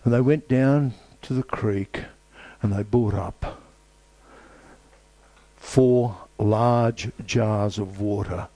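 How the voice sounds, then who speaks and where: A man preaching a sermon with emphatic, repetitive phrasing and dramatic pauses. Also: lowish voice, fairly even intonation, mellow, dry recording.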